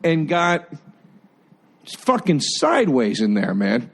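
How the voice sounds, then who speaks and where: A man, a guest on a podcast, telling excitable, laughing stories in casual chat. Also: a little slow, vocal fry, husky. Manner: excitable, laughing storyteller with lively swings in pitch.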